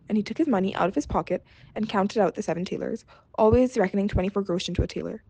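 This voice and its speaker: A woman storyteller reading a fairy tale aloud in a steady, measured way. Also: medium pitch, slightly rough.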